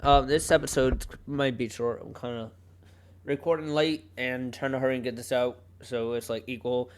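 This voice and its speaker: A man's voice: medium pitch, steady tone, normal speed, slight background noise. A young man hosting a solo podcast, talking casually in a rambling way, often cutting himself off and laughing. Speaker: podcast host. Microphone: home podcast mic.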